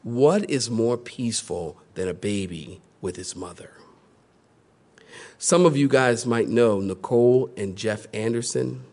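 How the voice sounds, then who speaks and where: A male pastor delivers a sermon, telling stories with lots of energy. He acts out the people in them, voicing each character with big jumps in pitch.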